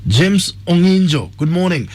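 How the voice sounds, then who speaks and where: Husky-voiced Kenyan radio host. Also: male voice, sits high, big pitch swings, unhurried, darkish tone. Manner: reads listener messages aloud, brief replies. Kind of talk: radio call-in show.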